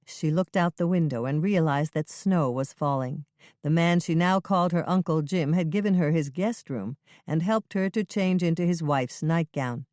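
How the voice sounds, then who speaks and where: Steady audiobook narrator, mid-pitched, measured, recorded dry and close. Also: no echo. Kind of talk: scripted narration.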